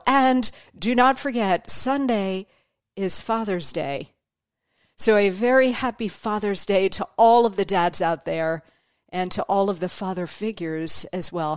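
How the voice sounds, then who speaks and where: A woman's voice: mid-range voice, no room sound. Chatty woman host, dry close sound. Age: middle-aged. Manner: chatty storyteller, laughs often, acts out quoted voices. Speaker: podcast host. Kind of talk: casual monologue.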